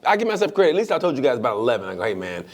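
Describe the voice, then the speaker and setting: A man's voice: medium pitch, racing. A man hosting a podcast, telling profane stories in casual chat with lots of energy. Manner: animated, profane storytelling. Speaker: podcast host and comedian.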